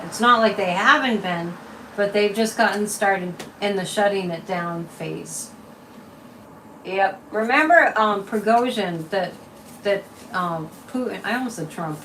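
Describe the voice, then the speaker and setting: A woman hosting a psychic livestream, reading viewer comments and pulling tarot cards in an opinionated, casual chat with lively swings in pitch and loudness. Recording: distant mic with faint room noise.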